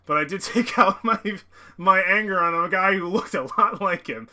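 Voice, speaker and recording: A man's voice: sits high, normal speed, sharp tone. Emotional man streaming a story game. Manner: emotional, swears and laughs, talks back to characters. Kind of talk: live gameplay commentary and reading game text aloud.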